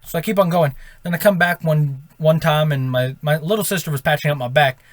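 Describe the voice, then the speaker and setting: Casual male storyteller, fairly high voice, rambling with self-corrections, dry sound. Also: fairly quick, no room sound. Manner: rambling, with self-corrections and "right?" tag questions. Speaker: storytime vlogger.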